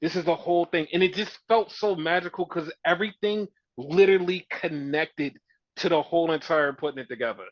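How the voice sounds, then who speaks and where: A man hosting a podcast, chatting casually and excitedly with many fillers as he recaps a wrestling show. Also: fairly high pitch, brisk, no echo. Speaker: podcast host. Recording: dull lo-fi sound.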